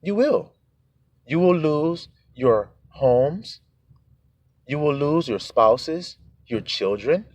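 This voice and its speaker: Animated man preaching a sermon. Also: a little high, extremely slow, dry recording. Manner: animated, acts out quoted voices.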